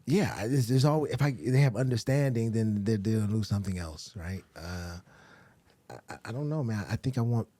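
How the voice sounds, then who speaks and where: Loose-talking Southern man, dark tone. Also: a little fast. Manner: animated, rambling, swears freely, jumps into high laughing asides. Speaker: actor and director, podcast guest. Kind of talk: casual conversational interview.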